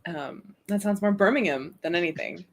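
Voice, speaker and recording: A woman co-hosting a casual writing stream, excitable and giggly. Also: fairly low pitch, moderate pace, crowd noise. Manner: giggly and excitable, reads aloud in a put-on accent. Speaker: streamer co-host.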